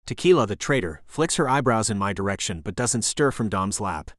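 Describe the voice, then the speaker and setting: A man narrates a first-person romance audiobook in a measured storytelling way. His voice sits on the low side. The recording is close and dry. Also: animated, no echo.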